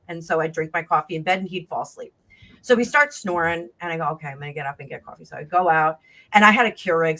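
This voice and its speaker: A woman telling a long personal story in casual chat, rambling and animated, acting out the voices of the people in it. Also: lowish voice. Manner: rambling, animated, acts out quoted dialogue. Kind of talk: casual storytelling on a live stream.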